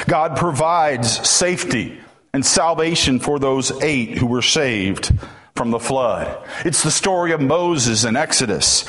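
A man's voice: fairly high pitch, fairly bright tone. A man preaching a sermon as a pastor, telling stories and building to emphatic points.

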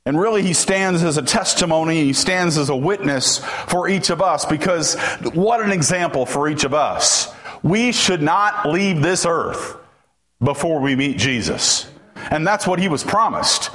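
A man's voice: fairly high pitch, animated, measured pace, fairly bright tone. A man preaching a sermon as a pastor, telling stories and building to emphatic points.

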